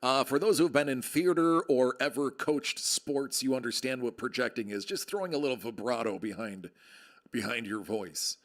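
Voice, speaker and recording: A man's voice: mid-range voice, moderate pace. A man hosting a casual live stream, projecting his voice into a close microphone in a jokey, chatty way. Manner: projected, radio-style delivery; jokey, chatty, reads out viewer comments. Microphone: close desk microphone with level meter.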